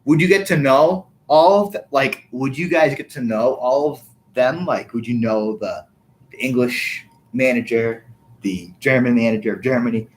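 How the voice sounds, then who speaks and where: A man's voice: medium pitch, moderate pace. A man hosting a casual chat, asking playful questions and laughing often. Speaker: host.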